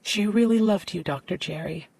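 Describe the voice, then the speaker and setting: Lady doing a sad tough lawyer woman, quiet and held back, lowish voice. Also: moderate pace, creaky, slightly rough, no echo. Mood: restrained. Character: grieving, guarded woman lawyer.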